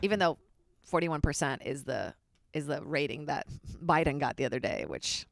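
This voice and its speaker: A woman's voice: low voice, expressive, normal speed, vocal fry, dry recording, studio quality. A woman comedian chatting as a podcast guest, candid and rambling, joking frankly. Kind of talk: casual podcast chat.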